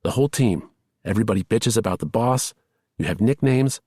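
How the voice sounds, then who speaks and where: A man's voice: lowish voice, lively intonation, dark tone, husky, no room sound, clean studio sound, voice pushed up. A man voicing an earnest young rookie woman. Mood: wistful. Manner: eager, pleading, fast-rising emotion.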